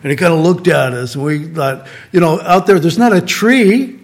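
A man from Southern California with a slightly high-pitched voice delivers a sermon in a relaxed, conversational way. He keeps returning to a short refrain and asks his listeners rhetorical questions. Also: moderate pace. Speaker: pastor.

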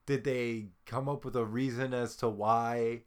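A man's voice: medium pitch, fairly even intonation, unhurried. A man in casual chat, laid-back and slangy, breaking into laughter often.

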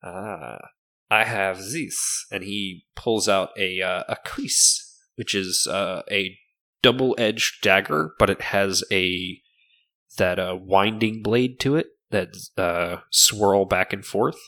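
A man narrates a tabletop game as game master, pausing often to think. His voice is deep and his pace is slow. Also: bright, forceful tone. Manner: halting, many fillers.

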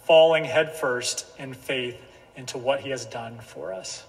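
A man pastor delivering a sermon, slow and emphatic, repeating key phrases. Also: medium pitch, gravelly. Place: church sanctuary. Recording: church hall reverb.

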